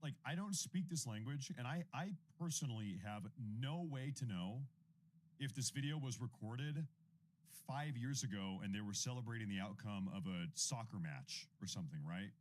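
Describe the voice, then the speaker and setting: A man's voice: mid-range voice, expressive, moderate pace, slight background noise. A man in his thirties hosting a casual news livestream, rambling and often repeating himself as he reacts to clips and thanks viewers for super chats. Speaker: independent news livestream host.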